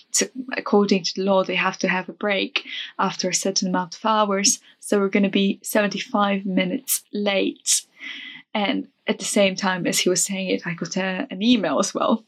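A young woman casually retelling a travel mishap for a vlog, chatty and animated, with lots of fillers and restarts. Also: mid-range voice, moderate pace.

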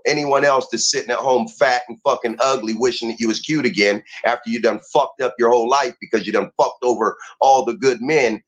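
A man's voice: mid-range voice, fairly bright tone, slightly rough, low-quality recording. A man ranting heatedly and profanely as a guest on a talk show.

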